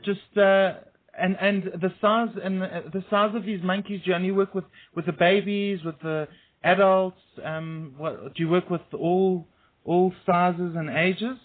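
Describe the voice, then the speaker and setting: A man hosting a radio interview, talking in a halting way with many restarts. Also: fairly high pitch. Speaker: radio host. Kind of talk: casual interview chat. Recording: tinny phone line.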